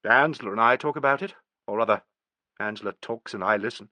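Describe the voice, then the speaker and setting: A man voicing a tense, brooding young woman in an audiobook, with a deep voice and falling inflection and a bitter edge. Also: fast, bright, forceful tone, no room sound. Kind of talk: audiobook character reading.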